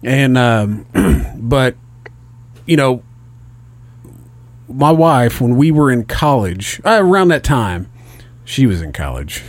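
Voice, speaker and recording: A man's voice: mid-range voice, big pitch swings, slow, pauses often, no room sound. Male podcast host, middle-aged, profane storyteller, dry booth sound. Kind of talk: casual chat.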